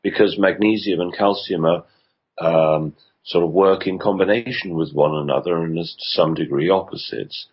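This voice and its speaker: Low, husky male radio guest. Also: moderate pace, lo-fi sound. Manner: hesitant, with frequent ums and restarts. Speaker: health consultant guest. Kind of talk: radio interview answers.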